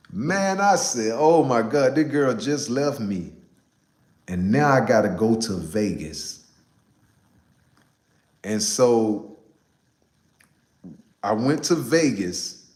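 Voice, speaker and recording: Slangy man telling a story, echoey room. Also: medium pitch. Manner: animated, slangy, repeats himself for emphasis. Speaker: live streamer telling a personal story. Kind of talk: casual storytelling to a live chat.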